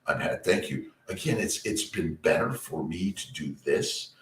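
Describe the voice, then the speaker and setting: Deep-voiced man rambling on a livestream. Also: a little slow, reverberant, distant mic. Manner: rambling, greets viewers by name, trails off into restarts; works to keep his voice low and quiet. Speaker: fertility doctor hosting a morning livestream. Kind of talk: casual rambling livestream chat. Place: home basement office with a fireplace. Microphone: headset.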